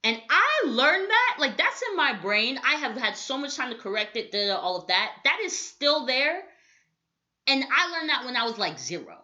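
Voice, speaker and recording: A woman from the United States with a lively, swooping voice and a bright, forceful tone co-hosts a casual film review podcast. She makes her points emphatically, with sassy asides. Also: high-pitched, normal speed. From United States, child of Jamaican immigrants. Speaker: podcast co-host. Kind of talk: casual pop-culture review chat.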